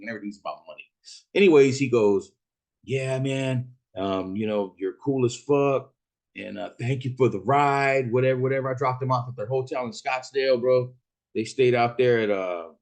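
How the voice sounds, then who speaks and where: A man from Arizona casually retelling a rideshare story, profane and animated, acting out the other people's lines. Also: medium pitch. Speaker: rideshare driver telling a story.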